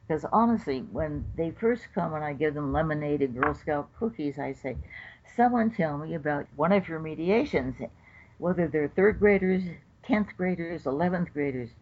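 A woman's voice: low voice, slightly rough. Older woman judge telling stories, lo-fi. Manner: animated storyteller acting out quotes. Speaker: federal judge. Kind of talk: interview storytelling. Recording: dull lo-fi recording.

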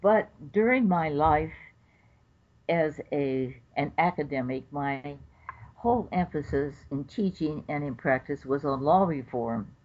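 A woman's voice: deep voice, a little slow. Older lady judge telling stories in an interview, acts out the quotes, kinda dull lo-fi sound. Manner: animated storyteller acting out quotes. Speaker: federal judge. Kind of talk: interview storytelling. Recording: dull lo-fi recording.

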